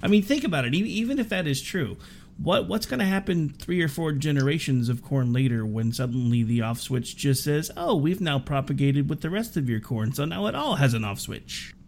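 Lively higher-voiced man chatting. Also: fairly quick, gravelly, slight background noise. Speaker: podcast guest. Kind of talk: casual chat.

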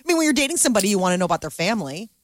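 A woman's voice: medium pitch, rapid-fire, dry recording. Chatty woman radio co-host. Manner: chatty, animated, acts out quotes. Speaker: radio morning show co-host. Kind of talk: casual entertainment chat.

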